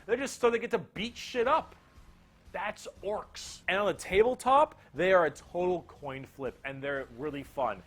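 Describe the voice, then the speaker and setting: A man with a voice pitched a bit above the usual male range, explaining things in loose, comedic fashion. He talks with bouncy energy and slips in casual swearing. The delivery stays playful and excited throughout. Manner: energetic, joking, swears freely. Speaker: explainer video narrator.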